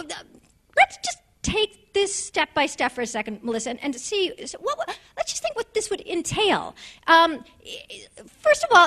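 A middle-aged woman from the United States with a New York accent, telling a comic story to an audience and acting out voices with quick asides. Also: high-pitched, pushed and bright.

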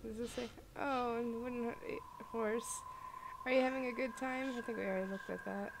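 A woman hosting a let's-play video, reading the game's dialogue aloud and reacting gently. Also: on the high side, steady tone, moderate pace, vocal fry, noisy background. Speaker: gaming video host.

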